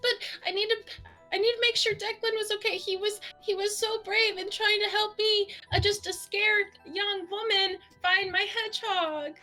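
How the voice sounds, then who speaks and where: Woman voicing scared young woman, very high bright voice, rushed stumbling speech. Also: steady tone, soft background music. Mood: worried.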